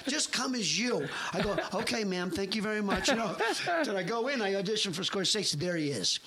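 A man's voice: sits high, fairly quick, crowd noise. A middle-aged man telling a comedic story with lots of swearing, acting out the other people's voices as he goes. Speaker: guest actor telling a story.

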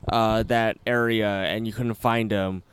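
A male podcast host speaks in a smooth, clear voice at an unhurried pace. He mostly reacts to his guest with short comments and questions. His sound is dry and close, with faint music behind him. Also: lowish voice, steady tone, fairly bright tone, no room sound.

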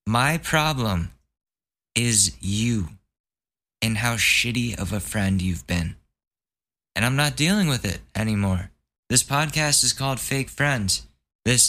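A man's voice: lowish voice, a bit bright. A young man hosting a podcast, telling a long profane story in a casual, exasperated way and mocking others in put-on voices. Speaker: podcast host. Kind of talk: casual ranting monologue.

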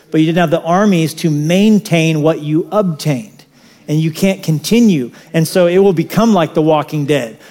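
A man preaching a sermon in an animated, conversational way, with casual asides to the congregation. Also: a little high. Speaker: pastor.

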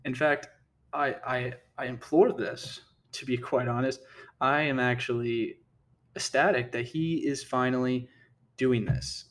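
A man's voice: medium pitch, steady tone, a little slow. Heated man ranting with frequent restarts. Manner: heated, indignant, repeats himself and restarts often. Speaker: political commentator. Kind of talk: casual opinion commentary.

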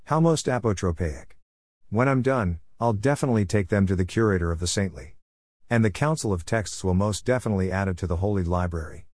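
A man's voice: on the low side, fairly quick, a little mellow, no room sound, close to an everyday voice. A man voicing a devout, earnest middle-aged stonemason in a storybook tale.

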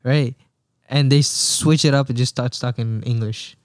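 A man talking in a relaxed, rambling podcast chat, often restarting his sentences. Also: medium pitch, measured pace, no room sound, clean studio sound. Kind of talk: casual chat.

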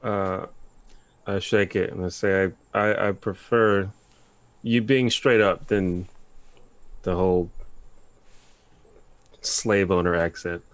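A man playing a tabletop game, who speaks in a halting way, stumbling at the start of his lines. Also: deep voice, steady tone, dry recording, poor audio. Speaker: player.

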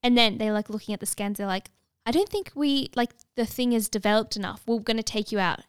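A young woman telling a story in casual chat, animated and full of fillers, acting out what others said. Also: on the high side, a little fast, smooth, no room sound, clean studio sound. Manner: animated, many filler "like"s, acts out dialogue.

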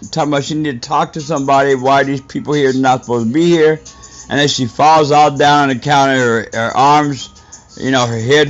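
A man delivering an indignant, profane rant as a podcast host, scolding his listeners. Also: medium pitch. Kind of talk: ranting monologue. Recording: dull lo-fi audio with faint music.

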